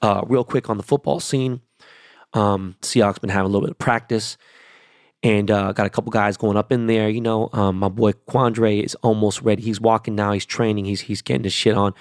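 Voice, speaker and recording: Profane rambling man, low voice. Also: steady tone, brisk, no echo, studio quality. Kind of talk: casual profane monologue.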